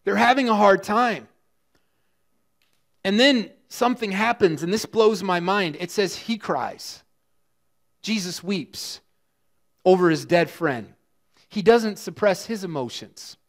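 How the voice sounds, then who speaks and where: A middle-aged male pastor preaching a sermon in an animated, conversational way with lots of fillers. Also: high-pitched, takes it slowly, gravelly, long pauses. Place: church sanctuary.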